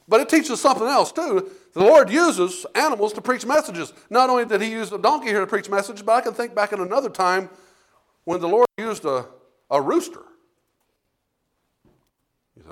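A man preaching a sermon in a folksy, animated storytelling way, often asking the congregation "Amen?". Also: sits high, brisk, long pauses.

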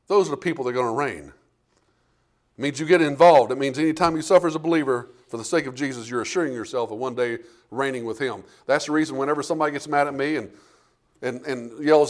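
A man preaching a sermon as pastor, folksy and fervent, swinging from hushed lines to loud ones. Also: fairly high pitch, quick pace. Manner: folksy, repeats words and restarts.

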